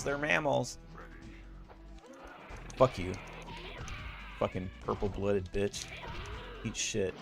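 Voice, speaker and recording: Male streamer, profane gameplay commentary, slow gravelly delivery broken by high yelps, game music behind. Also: lively intonation. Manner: profane trash talk, frequent yelps and laughter. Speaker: streamer playing a fighting game. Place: small hot office corner.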